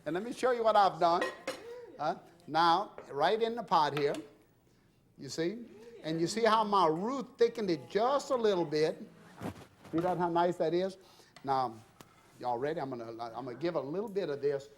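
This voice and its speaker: A middle-aged man with a Louisiana drawl hosts a cooking demonstration from a home kitchen. His voice sits fairly high for a man. He is exuberant and folksy, chatting away and addressing viewers as "y'all". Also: expressive, normal speed. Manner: folksy and exuberant, often says "y'all" and "I tell you". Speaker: TV cooking show host.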